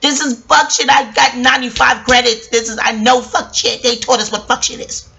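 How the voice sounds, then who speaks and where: A woman's voice: a little high, steady tone, normal speed, creaky, sharp tone, muffled recording. A woman in her forties ranting on a vlog, passionate and swearing, rambling between jokes and asides. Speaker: vlogger. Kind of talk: profane commentary rant.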